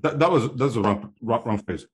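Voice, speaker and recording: Male co-host, middle pitch, emphatic, repeats himself while making his point. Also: expressive, a little fast, husky. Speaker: podcast co-host. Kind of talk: casual conversation.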